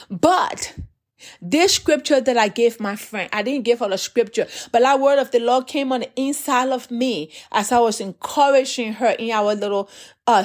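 Earnest woman preaching a testimony. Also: fairly high pitch. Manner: earnest, repeats words when stirred. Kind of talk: sermon testimony.

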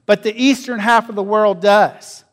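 A man preaching a sermon as pastor, asking his listeners questions and swinging between loud and quiet. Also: high-pitched, steady tone, moderate pace. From North America. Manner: asks the congregation questions, varies loudness widely.

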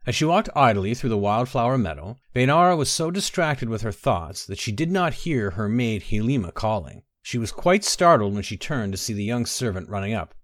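A man narrating a story, reading in a measured, expressive way. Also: medium pitch, no echo, studio quality.

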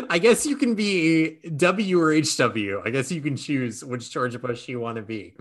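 A male podcast host in loose, casual chat who reads party-game prompts with playful amusement. His pitch swings widely as he talks. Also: animated, measured pace. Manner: playful, laughs while reading aloud.

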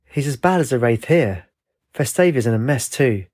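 A man's voice: medium pitch, expressive, normal speed, a little mellow, lightly acted. A man reading the lines of an earnest young woman in a storybook. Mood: worried.

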